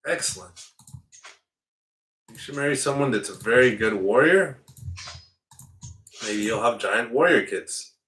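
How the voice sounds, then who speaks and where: A man's voice: mid-range voice, lively intonation, measured pace, pauses often, fairly bright tone, distant mic, a little hiss or hum. A man hosting a strategy game playthrough in casual commentary, slipping into playful mock outrage as his ruler. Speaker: let's play host. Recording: roomy echo, away from the mic.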